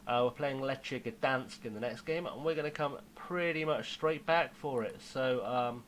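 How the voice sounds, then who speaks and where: A young man giving casual, self-mocking commentary on his football management game, now and then dropping to a hushed aside. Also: mid-range voice, normal speed, a little hiss or hum, poor audio. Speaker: gaming YouTuber.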